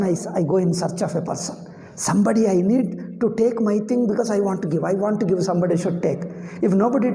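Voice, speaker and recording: A man's voice: high voice, gravelly, mellow. A man giving a spiritual discourse on Vedanta. He repeats his phrases as he explains and chuckles at his own points. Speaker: Vedanta teacher. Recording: roomy hall with long reverb.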